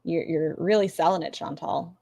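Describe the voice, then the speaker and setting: A woman's voice: sits low, normal speed, gravelly, warm tone. A woman streaming a reaction, making wry, sarcastic comments to her chat.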